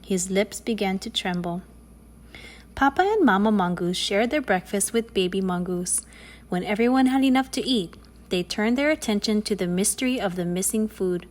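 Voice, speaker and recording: A woman reads a children's picture book aloud. Her telling is playful and expressive, in a mid-pitched voice. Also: moderate pace. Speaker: storyteller. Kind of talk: children's story reading.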